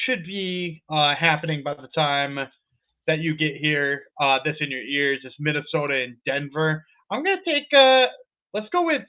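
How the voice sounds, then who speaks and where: A man co-hosting a sports betting podcast, giving rambling analysis with laughs. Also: fairly high pitch. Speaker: podcast co-host. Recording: tinny phone-like mic.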